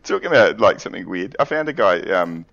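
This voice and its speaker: A man's voice: sits low, sing-song, quick pace, vocal fry, fairly bright tone, highs cut off. A man co-hosting a casual gaming podcast, teasing his friends and giggling often. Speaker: podcast co-host.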